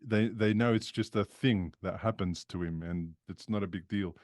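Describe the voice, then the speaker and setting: Low, dry male interview guest, candid and emphatic, conversational. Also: moderate pace, a little mellow, dry recording. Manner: open, frank and emphatic. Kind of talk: casual conversation.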